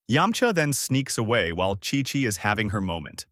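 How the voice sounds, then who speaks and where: A man narrates a fan story in a plain, steady way. His pitch is in the middle range but moves around a lot. The sound is dry and close. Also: normal speed, hardly any pauses, no room sound.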